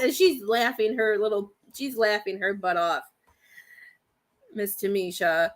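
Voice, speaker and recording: A woman's voice: fairly high pitch, slow pace, long pauses, fairly bright tone. A woman in her thirties giving a rambling, hesitant psychic reading to viewers on a live stream, full of fillers and restarts. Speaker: psychic medium.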